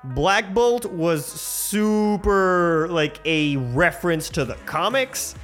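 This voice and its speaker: A man hosting his own show, rambling excitedly and swearing freely through a casual movie review. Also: high voice, slow, soft background music. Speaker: host.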